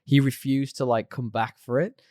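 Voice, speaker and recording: A man co-hosting a podcast in casual chat, animated and laughing often. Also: medium pitch, moderate pace, no room sound, studio quality. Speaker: podcast co-host.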